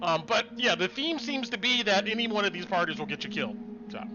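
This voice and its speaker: A man, the game master, calmly filling in story details during a casual recap. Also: high-pitched, quick pace, background noise. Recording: dull lo-fi mic with music behind.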